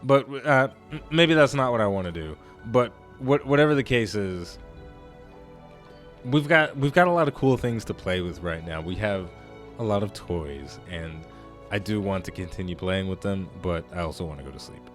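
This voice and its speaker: A man with a naturally deep voice hosting a gaming channel, giving chatty, rambling commentary as he plays. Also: expressive, moderate pace, faint music behind. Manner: chatty, rambling, self-correcting. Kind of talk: let's play commentary.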